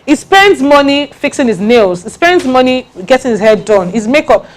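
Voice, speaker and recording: A woman giving a lively branding talk to an audience, repeating her key points with emphasis. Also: sits high, normal speed.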